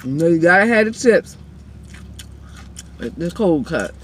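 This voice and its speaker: A woman's voice: fairly low pitch, very animated, unhurried, a little hiss or hum. A woman hosting a mukbang eating show from her car, chatting casually to viewers between bites, often murmuring approval and a little out of breath. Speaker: mukbang host.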